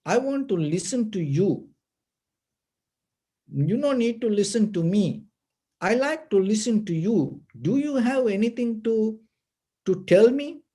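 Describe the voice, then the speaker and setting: A man doing a calm, gentle old monk. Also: high-pitched, measured pace, long pauses, breathy edge, voice pushed up, exaggerated voice. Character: calm compassionate older male monk.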